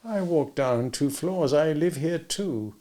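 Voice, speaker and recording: A man's voice: a little high, lively intonation, slow pace, mellow, pitched above the performer's own voice. A man voicing a confident, sarcastic male spy with a cool, bantering manner.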